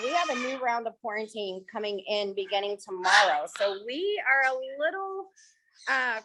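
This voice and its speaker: A slightly high-voiced woman leads a chatty tour of a bird rescue over a video call, dropping frequent ums and cooing at the birds. The call carries a loud wall of squawking and chirping from the birds around her. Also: very noisy. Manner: chatty, many filler ums, sweet baby talk to birds. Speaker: parrot rescue facility director. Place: indoor bird rescue room. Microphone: phone or laptop on a video call.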